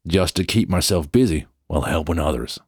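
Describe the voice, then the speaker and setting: An English man doing a clumsy, exaggerated American accent with a slow drawl while quoting another man. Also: a bass voice, breathy edge, no echo, clean studio sound. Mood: earnest.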